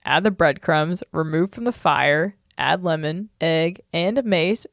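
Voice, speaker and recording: A woman's voice: low voice, gravelly, no echo, clean studio sound. Chatty woman reading old recipes. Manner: brisk, chatty, reads lists in a rhythm. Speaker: podcast co-host. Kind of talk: casual chat, reading old recipes aloud.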